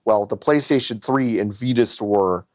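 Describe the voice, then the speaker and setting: A man's voice: on the low side, normal speed, no room sound, clean studio sound. A man co-hosting a podcast in casual chat, swearing freely and acting out voices. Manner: animated, swearing, acts out voices. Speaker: podcast co-host.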